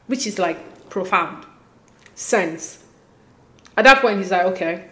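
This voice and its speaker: A woman giving a casual, opinionated recap of a reality show, slipping quoted lines into her talk. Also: medium pitch. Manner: animated, quotes people in quick asides. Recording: echoey room.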